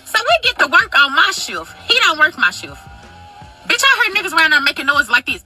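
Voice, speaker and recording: A woman in her twenties telling a casual storytime, profane, dramatic and animated. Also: high voice, fairly quick, faint music behind, poor audio. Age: 20s.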